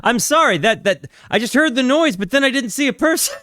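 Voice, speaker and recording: A man's voice: very high-pitched, lively intonation, brisk, pushed and bright, no echo, clean studio sound. A man hosting a music reaction channel, chatting casually with lots of restarts and fillers. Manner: rambling, restarts, stacked fillers.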